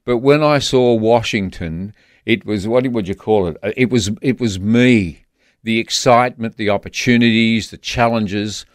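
A man's voice: on the low side, dry recording, studio quality. An Australian man, a guest author, telling personal stories earnestly in a radio interview, often restarting his sentences. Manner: earnest, halting with many restarts.

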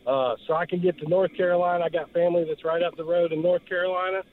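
A man from northeast Georgia, calling in to a radio show and speaking earnestly, with many pauses and fillers. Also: sits high, steady tone. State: emotional. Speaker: caller. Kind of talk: call-in radio chat. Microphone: phone. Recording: tinny phone line, dry.

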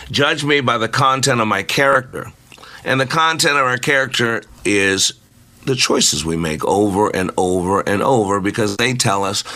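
A man's voice: medium pitch, pushed and bright. A middle-aged man hosting a motivational radio show, speaking in an emphatic, preacherly way with jokey asides.

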